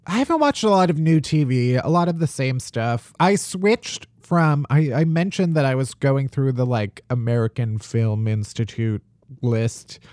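Young male podcast co-host, joking and animated, very lively pitch. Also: measured pace, no echo, clean studio sound. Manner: animated, joking, mimics voices. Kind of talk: casual chat.

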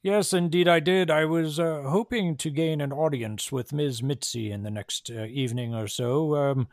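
A man's voice: a little high, moderate pace, no room sound, clean studio sound, natural voice. A man voicing a formal, patronizing male vampire doctor in a tabletop game. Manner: prim, polite, patronizing.

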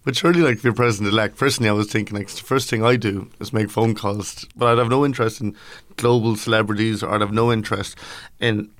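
A man's voice: on the low side, fairly even intonation, fast talker, few pauses, dry recording. A man telling a chatty, chuckling story in casual talk. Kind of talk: casual comedic chat.

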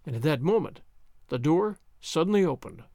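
Audiobook narrator, man, high lively voice, close dry recording. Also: normal speed, creaky, no echo. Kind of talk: audiobook reading.

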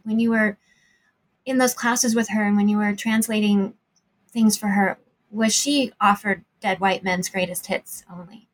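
A woman hosting a podcast interview, asking thoughtful, measured questions. Her voice sits somewhat high. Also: rough recording.

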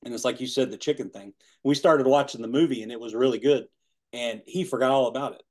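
A man's voice: medium pitch, quick pace, a little mellow. A man in his forties telling a rambling personal story in casual chat, laughing often and saying "man" and "you know". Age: 40s. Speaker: guest.

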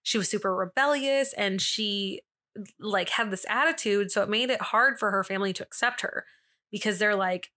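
A young woman telling a story to her podcast co-host in a loose, chatty way, with lots of fillers and side comments. Her voice is bright and forward, with middling pitch. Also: normal speed. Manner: chatty, filler-heavy, with frequent asides and laughs.

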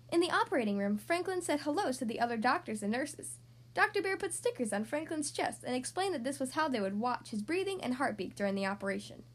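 A woman reading a children's storybook aloud in a gentle, expressive manner. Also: high-pitched.

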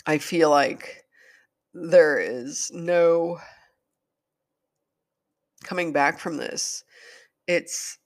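A woman's voice: deep voice, very slow, pauses often. A woman hosting a solo podcast, talking in a rambling, hesitant and apologetic way, openly emotional. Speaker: podcast host.

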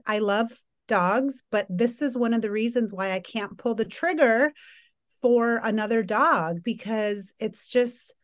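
A woman's voice: on the high side, measured pace. A woman co-hosting a podcast, chatting in a sympathetic, easygoing way. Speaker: podcast co-host. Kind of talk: casual chat.

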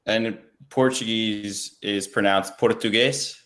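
A man hosting a podcast in a casual interview, speaking in a friendly, relaxed way with frequent "like" fillers. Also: fairly low pitch, normal speed. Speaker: podcast host.

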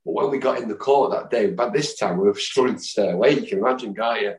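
A man in his fifties, a guest telling rambling, lively anecdotes and mimicking the people in them. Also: lowish voice, fast. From Manchester, England. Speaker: podcast guest, football fan. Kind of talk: anecdotal storytelling. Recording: roomy echo.

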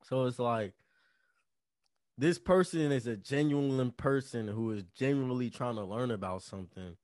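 A man's voice: mid-range voice, moderate pace, darkish tone, dry recording. Blunt, profane young man, dry sound. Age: young adult. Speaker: podcast co-host. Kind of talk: casual chat.

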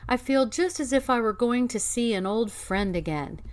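A woman voicing a cheerful, oblivious father in a fairy tale, with a bright, lifted delivery. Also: a little high, animated, moderate pace, lightly acted.

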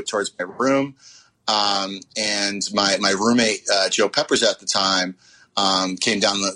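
A man in his forties speaks in a low, forceful voice with a bright edge. He recalls events haltingly, full of fillers and restarts, as an interview guest. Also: low-quality recording. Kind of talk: personal recollection interview.

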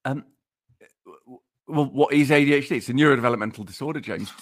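A man's voice: medium pitch, fast, a bit bright. A man co-hosting a podcast, teasingly reading out research in a mock-lecturing way and laughing as he talks. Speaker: podcast co-host presenting research. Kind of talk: casual podcast banter.

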